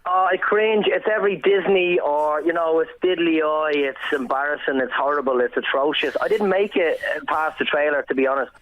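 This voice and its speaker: A man's voice: fairly high pitch, moderate pace, few pauses, muffled recording. A man with a west Dublin accent, a radio panelist ranting bluntly with laughs in a casual chat. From Ireland. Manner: blunt, animated, laughing ranter. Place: radio studio.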